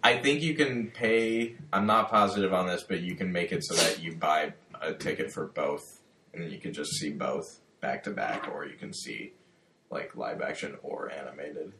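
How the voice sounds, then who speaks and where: A man's voice: deep voice, moderate pace, gravelly, background noise. A young man co-hosting a podcast, chatting casually and rambling with self-mocking jokes. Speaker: podcast co-host. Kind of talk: casual chat. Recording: roomy echo.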